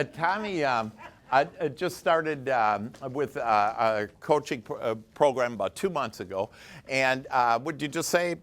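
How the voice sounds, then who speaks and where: An enthusiastic man leads a small motivational workshop, speaking at a middle pitch. He chats easily with the group, breaks into laughter, and keeps a loose, conversational flow. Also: a bit bright. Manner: enthusiastic, chatty, laughs often. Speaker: workshop leader and coach. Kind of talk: live motivational workshop talk.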